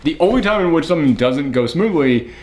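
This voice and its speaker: A man's voice: fairly high pitch, lively intonation, a little fast, a little mellow. A man co-hosting a casual movie review, rambling and laughing at his own mix-ups, sleep-deprived. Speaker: film review co-host.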